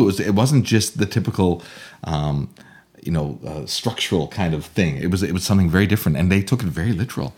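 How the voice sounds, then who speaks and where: As a podcast guest, a middle-aged man tells a story in casual chat, playful and animated, acting out voices for the people in his anecdotes. He talks quickly in a husky voice that swings widely in pitch.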